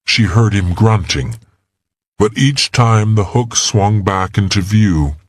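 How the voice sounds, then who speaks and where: Slow, expressive male audiobook narrator. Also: fairly low pitch, dry recording, studio quality. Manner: slow, measured, expressive reading. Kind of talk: scripted thriller narration.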